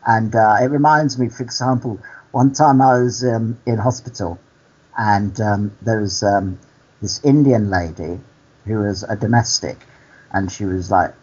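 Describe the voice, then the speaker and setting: A male actor and activist, a guest in a candid interview, speaking earnestly and telling stories at an unhurried pace. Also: fairly low pitch, a little mellow, husky, muffled recording.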